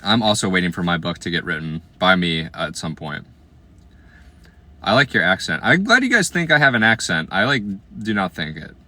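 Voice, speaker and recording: Chatty young man with a bright voice. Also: low voice, sing-song, normal speed. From Iowa, USA. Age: 20s. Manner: chatty and playful, slangy, trailing off into quiet asides. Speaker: livestreamer. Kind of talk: casual livestream chat reading comments.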